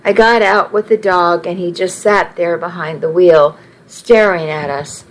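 Female narrator, first-person story, very slow, measured. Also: fairly low pitch, fairly even intonation, poor audio.

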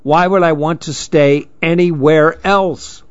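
A man's voice: fairly high pitch, steady tone, takes it slowly, no room sound, dull audio, pitched above the performer's own voice. A man voicing a nervous little girl who chatters about her worries. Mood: worried. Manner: fretful, chattering.

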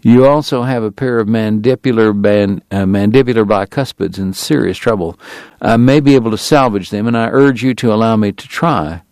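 A man's voice: fairly low pitch, normal speed, a little mellow, no echo, natural voice. A man reading the part of a genteel, long-winded dentist in a Southern drawl. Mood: formal. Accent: Southern US drawl, put on. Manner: formal, long-winded, precise.

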